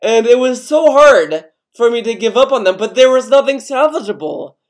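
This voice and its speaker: A man's voice: very high voice, lively intonation, normal speed. A young man commenting casually on a video, rambling, swearing a lot and putting on mock outrage. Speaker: commentary youtuber.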